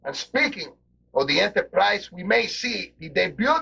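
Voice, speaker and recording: A man's voice: sits high, lively intonation, normal speed, creaky, bright, forceful tone, slightly rough. A man doing wrestling color commentary, theatrical and grandiose in broken English. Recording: dull lo-fi TV broadcast audio.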